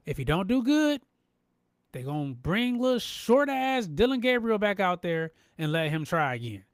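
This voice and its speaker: A man hosting a live sports podcast, animated and emphatic, repeating himself and talking straight to his chat. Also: high voice, dry recording, clean studio sound. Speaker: podcast host. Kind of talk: live-stream sports talk.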